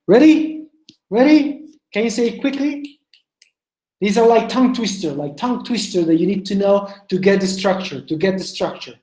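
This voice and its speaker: A woman's voice: mid-range voice, lively intonation, warm tone. Lady teaching english online, coaxing students to repeat, echoey room. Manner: drills sentences, slow and emphatic, coaxing students by name. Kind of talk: online group English lesson.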